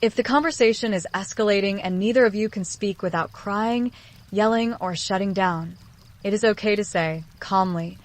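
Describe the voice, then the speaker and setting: A woman hosting a relationship psychology video, giving scripted self-help narration in a calm, earnest voice that speaks straight to the listener. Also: medium pitch, moderate pace.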